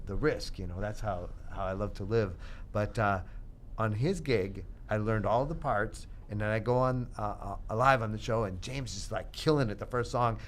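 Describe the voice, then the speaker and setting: A man's voice: fairly low pitch, slight background noise. A man, a guest trumpet player, telling stories in a casual radio interview, self-deprecating and laughing often.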